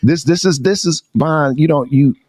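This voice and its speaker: A man's voice: a little high, normal speed, a little mellow, dry recording, clean studio sound. A man hosting a casual interview show, talking in emphatic, preacher-like affirmations. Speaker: talk show host.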